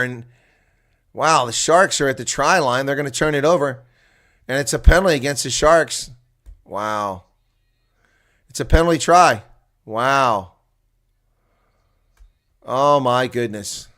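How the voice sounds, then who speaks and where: A man calling a rugby match live as a chatty, excitable watch-along commentator, with a congested throat that keeps him coughing. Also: medium pitch, a little slow, long pauses. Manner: chatty and excitable, laughs at players' mistakes. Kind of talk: live play-by-play reaction commentary.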